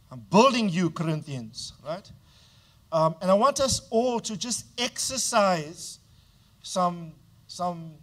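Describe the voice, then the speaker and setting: A man's voice: sits high, a bit bright. A male pastor preaching a sermon with emphatic delivery, often stopping to prompt the congregation to answer back. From South Africa.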